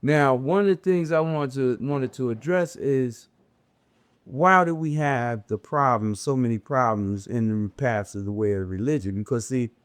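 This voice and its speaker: An older man speaking with a long Southern drawl, his words drawn out and unhurried. He gives a religious reflection in a plain, conversational way, circling back over his own phrases. His voice sits at an ordinary middle pitch. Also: clear, resonant tone. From American South, raised in a city. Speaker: religious teacher.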